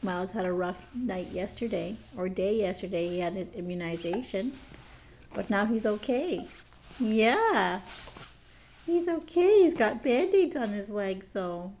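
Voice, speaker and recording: Slow, cooing mother in baby talk. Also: medium pitch, lively intonation, a little mellow, slight background noise. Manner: cooing, sing-song and playful.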